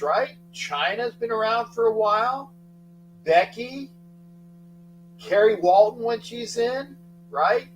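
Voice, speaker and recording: Older man, casual rambling stream chat, fairly high voice, distant mic with faint hum. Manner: rambling, shouts out viewers by name, frequent restarts. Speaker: host of a live sports talk stream. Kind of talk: casual live-stream chat, reading viewer comments.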